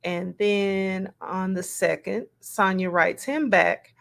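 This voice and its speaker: A woman reads text messages out loud at an unhurried pace. Her pitch sits in a middle range. She stops between the quoted lines to muse and add plain, casual remarks of her own. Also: steady tone, vocal fry. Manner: slow, musing, reads quotes aloud with asides. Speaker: commentator reading text messages. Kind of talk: casual read-aloud commentary.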